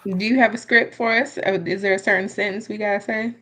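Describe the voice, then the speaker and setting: Playful, expressive woman podcast guest. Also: medium pitch, quick pace. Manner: expressive and playful, acts out asides. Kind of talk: casual podcast chat.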